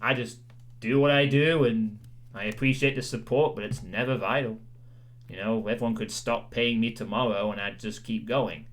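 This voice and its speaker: With a medium-pitched, steady voice at a moderate pace, a man chats with his livestream viewers in a rambling, self-deprecating way, leaning heavily on "you know."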